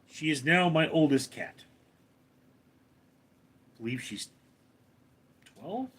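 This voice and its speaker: A man's voice: animated, slow pace, a little hiss or hum. A man live streaming from home, reading viewer names aloud and answering them in a casual chat. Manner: reads viewer names out loud, then answers in a lower voice.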